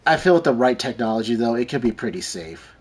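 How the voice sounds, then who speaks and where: A man's voice: medium pitch, animated, fast talker, slightly rough. A man streaming a shooter game who rambles casually and swears freely between plays. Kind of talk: casual rambling chat while gaming. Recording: noisy, with game gunfire behind.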